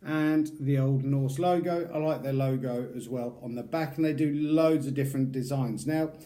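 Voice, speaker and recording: A man's voice: medium pitch, moderate pace, mellow. A middle-aged British man from the UK, giving a casual, rambling product review as a YouTube reviewer. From United Kingdom. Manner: chatty, rambling, loose and informal.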